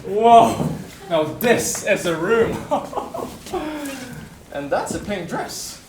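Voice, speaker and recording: A man's voice: sits high, sing-song, very slow, exaggerated voice. A man playing a smug young fop from the capital. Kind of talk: stage play performance. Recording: roomy theater sound from a distance, noisy.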